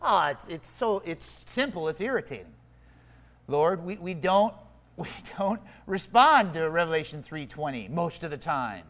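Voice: mid-range voice, a little slow. A preacher giving a conversational sermon, explaining word meanings and asking the listeners questions. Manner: animated and conversational, swinging from quiet asides to emphatic exclaims; teaches word meanings and asks the audience questions.

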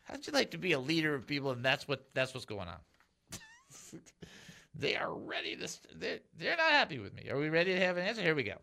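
A man's voice: on the high side, fast talker, creaky. A man hosting a casual Christian radio show in a studio, joking and laughing often with his co-host and callers. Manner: jokey, laughs often, animated.

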